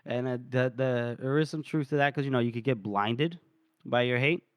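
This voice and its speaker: A man's voice: medium pitch, normal speed, clean tone, dry recording, clean studio sound. A man co-hosting a podcast, chatting casually about a book and retelling scenes. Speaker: podcast co-host.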